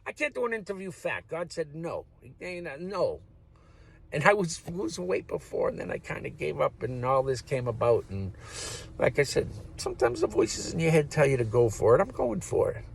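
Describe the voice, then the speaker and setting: Gravelly, lively older-sounding man rambling. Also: a little high, normal speed, a little hiss or hum. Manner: rambling, swears freely, chuckles between thoughts. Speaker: vlogger. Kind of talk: rambling casual monologue.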